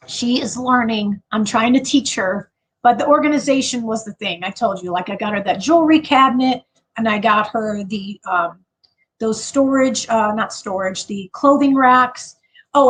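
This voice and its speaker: A woman's voice: fairly high pitch, fairly bright tone, poor audio. A woman with a Chicago accent hosting a casual livestream chat, laughing often and stopping to restart with lots of fillers. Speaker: livestream host.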